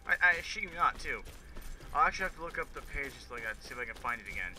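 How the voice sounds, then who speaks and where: A man's voice: medium pitch, big pitch swings, fast, sharp tone, a little hiss or hum, poor audio. A man giving casual, profane, rambling commentary while playing a video game. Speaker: let's play gamer.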